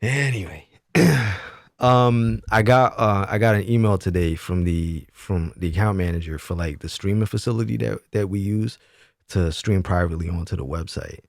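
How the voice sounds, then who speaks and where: A man's voice: deep voice, steady tone, moderate pace, vocal fry, no room sound, clean studio sound. A young man hosting a casual livestream chat, blunt and profane, often trailing off and restarting his sentences. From Brooklyn, New York. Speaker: livestream host.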